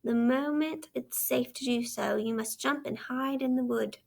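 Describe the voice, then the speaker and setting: A woman voicing a kindly but stern male train engine driver who talks in a steady, plainspoken way. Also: high voice, unhurried, gravelly, heavily acted. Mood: urgent.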